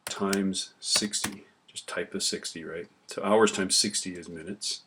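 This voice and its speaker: A male teacher with a low voice talks casually through a spreadsheet lesson in a screen-recorded tutorial, typing as he goes and often checking in with "right?". His intonation stays fairly even and unhurried, with background noise and keyboard clicks behind him.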